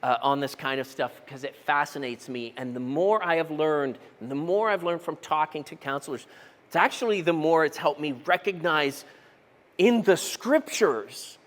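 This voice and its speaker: Casting note: male pastor, high voice, chatty self-deprecating sermon, big reverberant church hall. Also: moderate pace, fairly bright tone. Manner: conversational, self-deprecating, asks the congregation questions. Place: church auditorium.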